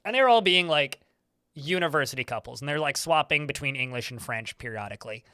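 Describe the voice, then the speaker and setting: A man's voice: mid-range voice, expressive, fast talker, sharp tone, smooth, no echo, clean studio sound. A man live-streaming a game, telling a rambling story in a chatty, casual way with mild swearing.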